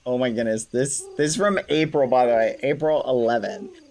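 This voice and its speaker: Excitable man chatting to his stream. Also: mid-range voice, normal speed, a little hiss or hum. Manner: excitable, swaps swears for clean words; talks straight to his chat. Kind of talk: live-streamed gameplay chat.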